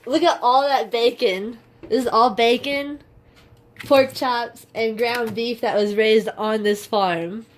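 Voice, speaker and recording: A woman's voice: fairly high pitch, slow, slight background noise. An exhausted, emotional woman hiker vlogging to camera indoors in a half-built shelter, gushing and rambling and often laughing. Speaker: long-distance hiker. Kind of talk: casual vlog, talking to camera.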